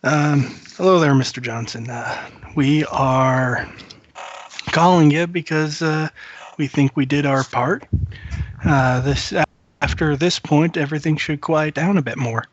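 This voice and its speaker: A man's voice: a little high, fairly even intonation, unhurried. A man voicing a polite character who makes a formal business call and hesitates often. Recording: dull lo-fi recording.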